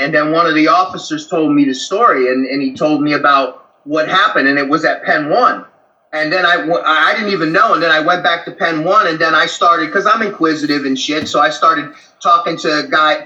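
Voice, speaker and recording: A man in a candid interview, a former prison guard recounting his experiences in a blunt, animated, profane way. His voice is high and very bright, ringing out in an echoey room. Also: dull audio. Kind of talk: candid conversational storytelling.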